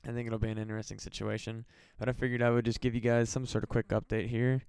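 A man's voice: mid-range voice, little pitch movement, fast, gravelly, a little mellow, clean tone, no echo. A tired man from the Midwest rambling casually and profanely as a solo podcast host. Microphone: home podcast mic.

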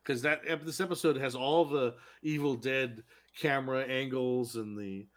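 A man co-hosting a casual podcast chat, animated and laughing as he retells scenes. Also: medium pitch, moderate pace. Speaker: podcast co-host.

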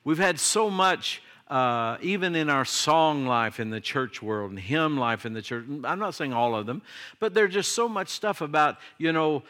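A man's voice: on the high side, animated, moderate pace, pushed and bright. An older man, a pastor delivering a sermon in a conversational style that swings into emphatic declarations.

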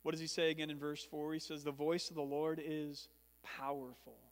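A man's voice: on the high side, little pitch movement, moderate pace. A pastor preaching an expository sermon, teaching earnestly and swelling and dropping his volume for emphasis. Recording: long reverb of a large hall.

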